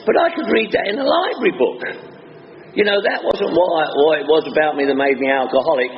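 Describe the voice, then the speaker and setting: A man's voice: a little high, a little fast. A man from northwest London with a London accent, giving a humorous recovery talk to a meeting audience as a wisecracking storyteller. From northwest London, England. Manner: wisecracking storyteller, chatty with many asides. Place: meeting hall before an audience. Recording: dull reverberant hall recording with faint hiss.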